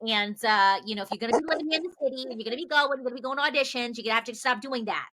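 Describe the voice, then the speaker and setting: A woman's voice: fairly high pitch, racing, sharp tone, pitched above the performer's own voice. A woman voicing a pushy female talent agent with a heavy New York accent, lecturing insistently.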